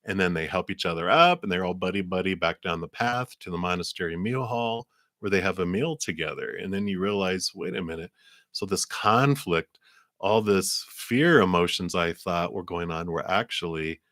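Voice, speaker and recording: A very deep-voiced man gives a live tarot reading, his tone bright and forceful. He rambles through long, winding explanations full of fillers. The sound is close and dry. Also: moderate pace, no echo. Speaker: tarot reader.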